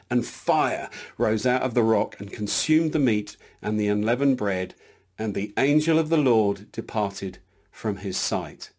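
A man preaching a sermon in an earnest, emphatic way, reading scripture aloud with some small hesitations. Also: darkish tone. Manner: earnest, emphatic, builds in lifts of pitch.

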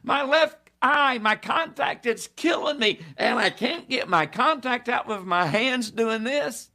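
A man voicing a desperate middle-aged man who is shaking and weeping, pleading in a strained voice close to a shout. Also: extremely high pitch, lively intonation, measured pace, pitched above the performer's own voice, exaggerated voice. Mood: distressed.

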